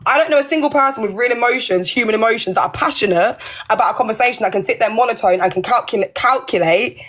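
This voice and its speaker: A young British woman in a heated livestream argument, pouring out rapid, emphatic words. Her voice sits fairly high and races along. She keeps pressing her point without pause. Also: a bit bright. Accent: British English. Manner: passionate, fast, emphatic. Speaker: livestream guest.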